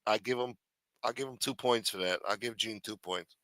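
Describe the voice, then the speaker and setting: A man's voice: on the low side, moderate pace, noisy background. A man hosting a late-night talk show, giving sardonic, profane commentary. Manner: sardonic, profane, mumbling asides.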